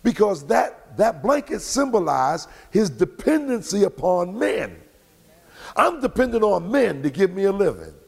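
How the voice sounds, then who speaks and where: A male pastor preaching a sermon in a church sanctuary, swinging between shouts and drawn-out words. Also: high voice, sing-song, creaky, breathy edge, in a large hall.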